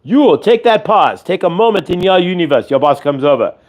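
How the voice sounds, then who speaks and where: On a lo-fi recording, the host's high-sitting voice swings widely in pitch at a somewhat fast pace. He presents a channeled spiritual teaching as "we," instructive and repetitive, circling back over its points.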